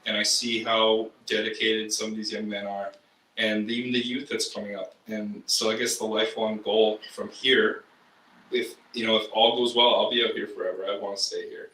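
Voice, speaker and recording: A man's voice: on the low side, little pitch movement, moderate pace, bright, forceful tone, roomy sound, far from the mic, slight background noise, low-quality recording. A man from Canada, a baseball player and teacher, answering interview questions earnestly and reflectively, with frequent ums.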